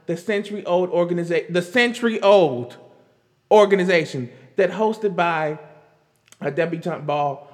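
A man's voice: high-pitched, unhurried, big-room sound. A man doing casual pop-culture commentary on a vlog, sarcastic and exasperated, often breaking into laughter. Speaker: commentary vlogger.

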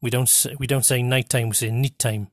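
A man with a North East English accent hosting a podcast, rambling with many pauses and restarts. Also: mid-range voice, flat delivery, no room sound, studio quality. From North East England. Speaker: podcast host. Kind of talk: casual monologue with a dialect reading.

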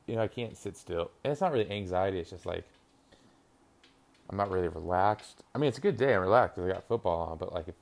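A young man with a lowish voice rambles casually to his listeners. He swears freely, trails off often, and breaks off to react to the football on TV. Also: expressive, fast talker, vocal fry. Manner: rambling, profane, reacting to a game on TV. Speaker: podcast host. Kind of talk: casual solo chat.

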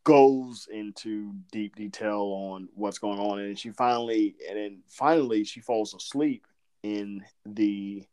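With a clear, resonant, lowish voice and measured pace, a man from Southern Georgia co-hosts a podcast in a faint Southern accent. His casual chat is rambling and animated, punctuated by frequent laughter.

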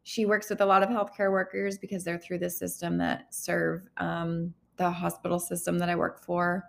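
Woman in her 30s, lowish gravelly voice, talking open and kinda teary, lots of pauses. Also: flat delivery. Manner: candid, halting, emotional. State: holding back tears. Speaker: healthcare worker vlogger. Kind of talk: personal confessional vlog.

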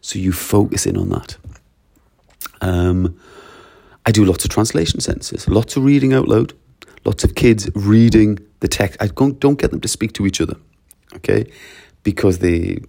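Geordie man, teacher type, deep gravelly voice, mellow tone, emphatic list-by-list explainer. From North East England. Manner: emphatic, runs through lists in a brisk, repetitive way. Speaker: language teacher. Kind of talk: casual explanatory monologue.

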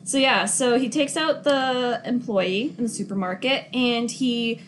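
High-voiced woman in laughing movie chat. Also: measured pace, a little hiss or hum. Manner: laughs often, swears freely, acts out quotes. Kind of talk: casual movie recap chat.

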